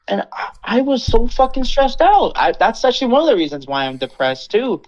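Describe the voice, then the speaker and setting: A man's voice: high-pitched, sing-song, brisk, few pauses. A young man tells a rambling, profane story to a friend on a casual podcast. He drops into short mocking voices whenever he quotes someone. The recording is muffled and lo-fi. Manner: rambling, swearing, quoting others in a mocking voice. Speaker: podcast host.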